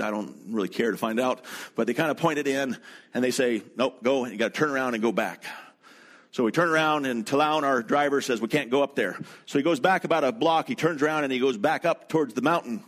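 A man preaching a sermon as a pastor, telling a travel story in a conversational way and turning to speak directly to his congregation in the room. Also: medium pitch.

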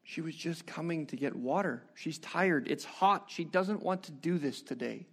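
A preacher delivering a sermon, retelling a story with animated rhetorical questions. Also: male voice, on the high side, normal speed, slightly rough.

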